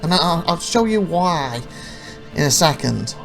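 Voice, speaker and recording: A man's voice: fairly high pitch, lively intonation, a little slow, creaky, over music. A man narrating his own gameplay footage as a let's play, rambling through anecdotes with frequent restarts. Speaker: gameplay commentator.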